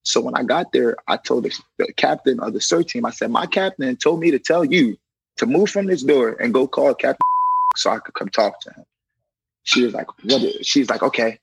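With a creaky, breathy-edged, mid-range voice at normal speed, a young correctional officer casually shares a personal story, animatedly acting out others' words and using "you know" a lot. It's a rough recording with no echo.

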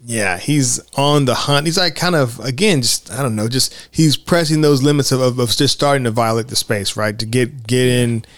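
A man's voice: medium pitch, normal speed, hardly any pauses, a bit bright, dry recording. A man hosting a podcast, talking enthusiastically and a bit rambly about a movie, full of fillers and restarts. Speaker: podcast host. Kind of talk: casual film discussion.

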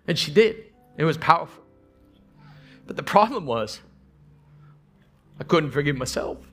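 Male pastor, middle-aged, high voice, earnest storytelling sermon delivery. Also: sing-song, a little slow, a bit bright, faint music behind. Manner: earnest storytelling with many restarts and quoted dialogue.

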